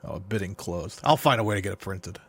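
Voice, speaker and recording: A man's voice: low-pitched, a little fast, a bit bright, breathy edge. A man talking casually about films on a podcast, hesitant, with many fillers and restarts. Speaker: podcast guest. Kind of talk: casual film discussion.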